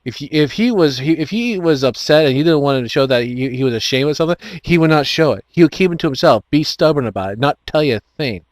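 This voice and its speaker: A man's voice: fairly high pitch, expressive, quick pace, hardly any pauses, no echo. A man hosting an online chat show, rambling with many restarts and frequent laughs. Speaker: host.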